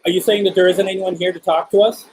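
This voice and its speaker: A man's voice: high voice, level tone, quick pace, slight background noise, poor audio. A man hosting a live spirit box session, patiently and politely coaxing spirits to talk to him. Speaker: paranormal livestream host.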